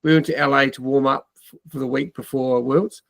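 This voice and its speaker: A man's voice: mid-range voice, steady tone, brisk, creaky, a bit bright, dry recording. A man hosting a podcast, bantering cheekily and joking around. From New Zealand. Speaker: podcast host. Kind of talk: casual chat.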